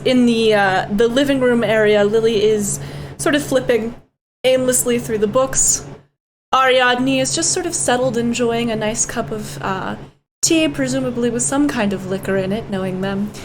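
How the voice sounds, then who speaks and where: A woman narrating as game master of a tabletop role-playing game, describing scenes in a relaxed, wry way with fillers. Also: fairly high pitch, slight background noise.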